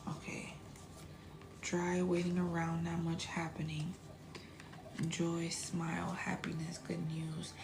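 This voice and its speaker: Lowish gravelly woman doing a chill tarot reading, blunt, swears, slips into whispers. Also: monotone, slow pace, pauses often, background noise. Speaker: tarot reader.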